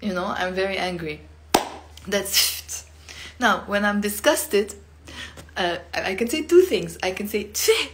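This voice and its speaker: A woman from Lebanon giving a casual online language lesson, acting out each sound playfully with big jumps in pitch and loudness. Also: a little slow, long pauses, a little hiss or hum. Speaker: Lebanese Arabic teacher.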